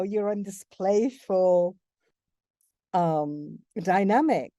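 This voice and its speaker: A woman guest, a voiceover narrator, talking casually in an interview with lively, playful delivery. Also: on the low side, measured pace, no echo, studio quality. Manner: animated, playful, switches into accents mid-sentence.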